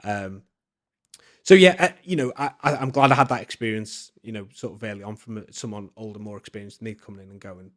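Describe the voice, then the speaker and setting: A man's voice: fairly low pitch, quick pace. Chatty man telling stories. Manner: chatty, many fillers and restarts. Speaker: podcast guest. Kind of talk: casual storytelling.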